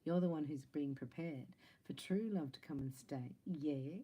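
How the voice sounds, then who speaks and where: Woman doing a laid back spiritual reading, low voice, warm tone, chatty and jokey. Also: a little slow, breathy edge, poor audio. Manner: chatty, laughing, playful asides. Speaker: psychic tarot reader. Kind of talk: casual spiritual reading to camera.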